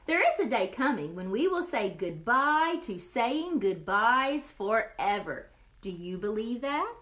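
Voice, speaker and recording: A woman reading a storybook, voicing a gentle male teacher in a soft, measured way. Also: a little high, sing-song.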